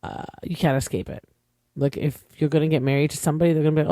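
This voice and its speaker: A man's voice: on the high side, flat delivery, rapid-fire, warm tone, no echo, clean studio sound. A young man from Canada, an opinionated podcast host chatting casually through a reality TV recap with lots of fillers.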